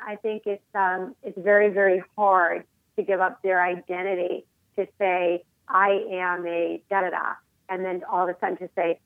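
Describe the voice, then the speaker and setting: A woman's voice: mid-range voice, no echo. Woman in her forties on a tinny phone line. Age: 40s. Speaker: interview guest. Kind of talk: phone interview.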